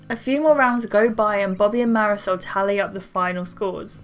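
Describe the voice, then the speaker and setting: A young woman hosts a gaming video, playfully reading each character's lines in a story game in turn and adding her own comments. Her mid-range voice is fairly quick with few pauses, and faint game music plays behind her.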